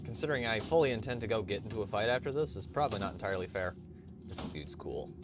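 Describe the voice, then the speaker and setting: A man's voice: fairly low pitch, animated, quick pace, background noise. A man hosting a casual let's-play stream, chatting in a rambling, profane, self-interrupting way. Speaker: gaming channel host.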